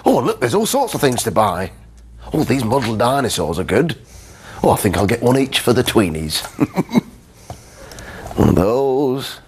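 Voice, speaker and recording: A man's voice: mid-range voice, very animated, measured pace, pauses often, a little hiss or hum. A British man playing a cheery grown-up character on a children's TV show, chatty and chuckling as he tells a story.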